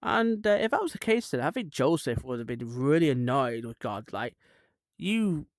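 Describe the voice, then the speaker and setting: A man's voice: mid-range voice, animated, normal speed, no room sound, clean studio sound. A man, a streamer rambling irreverently in casual chat and laughing at his own jokes.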